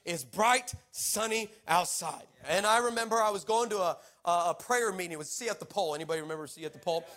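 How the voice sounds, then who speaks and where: High-voiced, animated male preacher. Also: fast. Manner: animated, playful, teasing the congregation. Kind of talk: comic storytelling sermon. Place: church.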